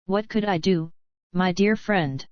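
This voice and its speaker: A woman's voice: fairly low pitch, unhurried, darkish tone, no room sound, lightly acted. A woman reading an audiobook, voicing a smug, scheming foreign general with a complacent, mocking manner. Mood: wheedling. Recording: dry, dull lo-fi recording.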